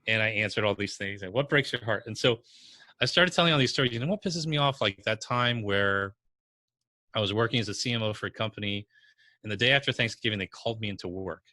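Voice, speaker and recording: Blunt, punchy New York-area business coach. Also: male voice, lowish voice, fast talker, no room sound. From New Jersey or New York. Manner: blunt, energetic storytelling with strong language. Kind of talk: podcast interview answers.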